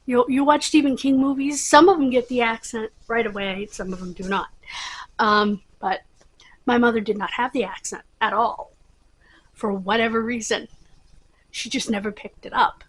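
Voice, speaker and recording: A woman's voice: fairly high pitch, steady tone, normal speed, husky, rough recording. A middle-aged woman hosting her own channel, chatting casually and rambling with many fillers. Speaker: channel host. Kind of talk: casual chat to camera.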